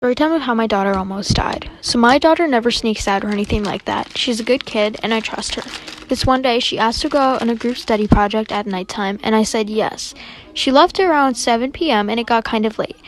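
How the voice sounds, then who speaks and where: A young woman narrating a storytime fast, chatty and dramatic, acting out the quoted lines. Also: on the high side.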